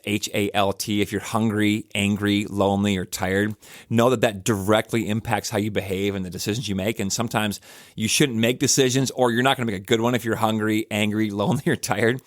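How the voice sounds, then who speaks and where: Relaxed low-voiced pastor. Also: male voice, fairly quick, dry recording, studio quality. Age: middle-aged. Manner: conversational, animated, frequent fillers and restarts. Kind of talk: casual podcast reflection.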